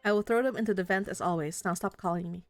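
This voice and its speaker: A woman's voice: mid-range voice, quick pace, no echo, soft background music, close to an everyday voice. A woman voicing a haughty male knight who talks down to a human squire in formal, old-fashioned phrasing, as in a game read-aloud. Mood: curt. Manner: formal, archaic, disdainful phrasing. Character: haughty, pompous male knight, cold and condescending.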